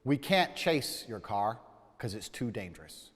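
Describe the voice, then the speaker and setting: A man putting on a policewoman who drags her words out slowly and quietly, hesitant and procedural. Her lines come out flat and mumbled, with a long echo hanging on the voice, as the storyteller mocks her. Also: a bass voice, breathy edge, pitched below the performer's own voice, full character voice. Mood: flat, dismissive. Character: flat, slow-talking female police officer.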